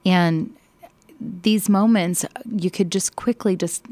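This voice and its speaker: A woman telling a Bible story, expressive, slow and emphatic. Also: lowish voice, no room sound.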